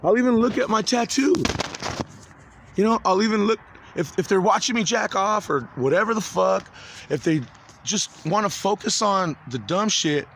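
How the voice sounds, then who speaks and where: A man in his forties talking to camera in a rambling, agitated, profane video monologue, halting and restarting often. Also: high voice, lively intonation, fairly bright tone, a little hiss or hum. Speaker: vlogger.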